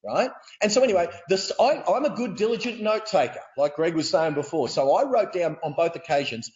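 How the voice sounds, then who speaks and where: A man with an Australian accent, a real estate coach telling stories as a guest on a video call, energetic and laughing as he goes. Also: high voice, fairly quick, few pauses, dull audio. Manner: energetic, laughing, repeats words. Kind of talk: animated storytelling.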